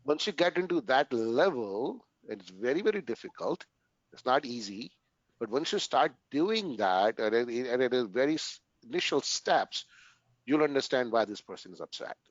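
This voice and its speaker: A man speaking as a guest in a casual interview, earnest and talking in short bursts that he often ends with "right?", pausing and restarting his sentences. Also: mid-range voice, big pitch swings, no echo, muffled recording.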